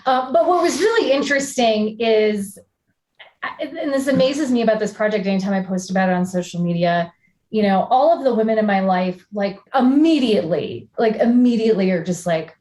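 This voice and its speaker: A woman artist guest on a podcast, talking through her ideas in a relaxed, reflective way. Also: mid-range voice, fairly quick. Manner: reflective, talks through ideas with many fillers. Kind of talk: casual podcast conversation. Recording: echoey room.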